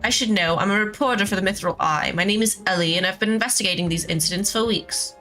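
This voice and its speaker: A woman voicing a brisk, scornful young female reporter in a video game. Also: mid-range voice, pushed and bright, faint music behind, close to an everyday voice.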